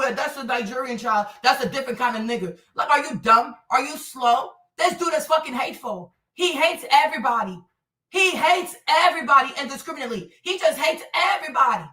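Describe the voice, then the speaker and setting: A high-pitched woman from Africa tears into her target in a profane livestream rant, her bright, piercing voice often breaking into shouts. She sits back from the mic in an echoey room, so her words ring off the walls. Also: far from the mic. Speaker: livestream host.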